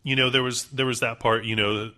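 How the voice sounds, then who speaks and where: A man's voice: medium pitch, steady tone, fairly quick, a crowd in the background. A man co-hosting a casual podcast chat, enthusiastic and full of fillers. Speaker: podcast co-host.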